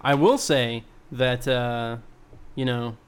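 A man in a casual podcast chat, laid-back and dry, dropping puns and bar stories at an everyday pitch. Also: fairly even intonation, takes it slowly, smooth. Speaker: podcast co-host, musician. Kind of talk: casual banter.

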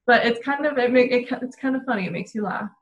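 A woman's voice: fairly high pitch, fast, muffled recording. Chatty giggly woman just hanging out talking, lots of ums and likes. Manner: giggly, chatty, many fillers. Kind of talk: casual chat.

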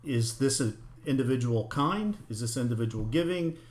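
A middle-aged man in a casual, frank discussion, swearing freely and talking with animated emphasis. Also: mid-range voice, normal speed, roomy sound. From United States, parents from Oklahoma and Arkansas.

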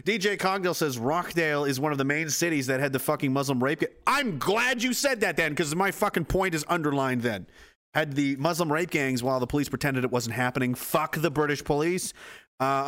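A man's voice: a little high, brisk, a bit bright. A man hosting a casual livestream, reading chat messages aloud and reacting in a brash, profane way with frequent laughter.

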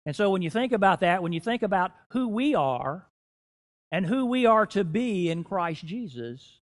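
Middle-aged guy preaching in church, kinda high voice, gets loud then quiet, drags out the big lines. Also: very animated. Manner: preaching with swings in loudness, slowing to stress key phrases. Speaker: guest preacher. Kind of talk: sermon.

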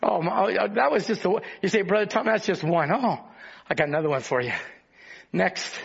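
A man preaching a sermon with fervor, breaking into shouts and then dropping low to talk with the congregation. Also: normal speed, vocal fry, slightly rough, muffled recording.

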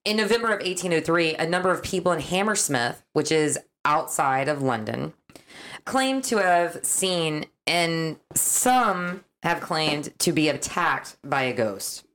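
Low-voiced woman podcast host. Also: expressive, a bit bright. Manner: chatty, quick asides while reading notes. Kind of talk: casual chat and case narration.

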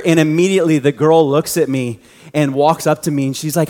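A man with a fairly high voice preaches a sermon in a casual, joking way. His voice rings out with long reverb from a church hall. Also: fairly quick, darkish tone. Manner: conversational, joking storyteller. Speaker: youth pastor.

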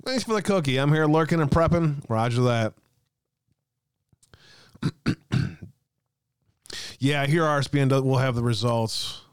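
A man hosting a live stream, chatting with viewers in a loose, joking way and laughing often. His voice is smooth and resonant. The sound is dry and close to the mic. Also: mid-range voice, slow pace, long pauses, dry recording. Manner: chatty, reads chat aloud, laughs often. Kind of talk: casual live-stream chat.

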